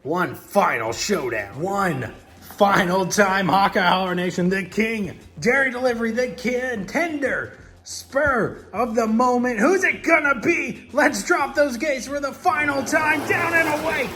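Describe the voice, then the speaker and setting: A man's voice: extremely high pitch, lively intonation, a little slow, pushed and bright. A man hosting and commentating toy monster truck races from his home garage, in a hyped, dramatic announcer style. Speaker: host and race commentator. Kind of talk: excited race commentary.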